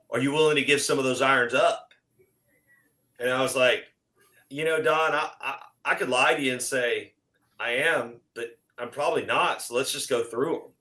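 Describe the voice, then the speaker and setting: On a casual chat show, a middle-aged guest with a mid-range voice recounts a lengthy story, heard through a rough recording. He's animated, performing the quoted back-and-forth himself.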